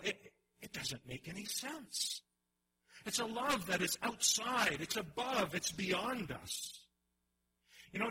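A man preaching a sermon in an animated way, often restarting his phrases and acting out the voices he quotes. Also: sits high, slight background noise, low-quality recording. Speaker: pastor.

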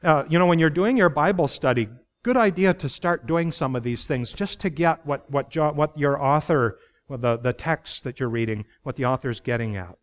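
Earnest preacher man, higher-pitched. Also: normal speed. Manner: earnest preaching, rising emphasis on key phrases, asks the congregation questions; laughs lightly between points. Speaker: pastor. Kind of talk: sermon.

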